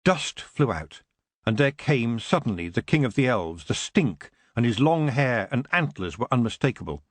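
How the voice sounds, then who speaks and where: A man narrating an audiobook in an expressive, dramatic reading. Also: medium pitch, moderate pace, no echo.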